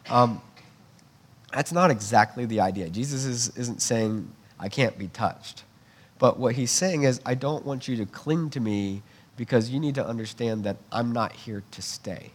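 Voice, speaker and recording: A man's voice: mid-range voice, slightly rough. A man giving a sermon, teaching earnestly in a conversational way with frequent restarts. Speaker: preacher.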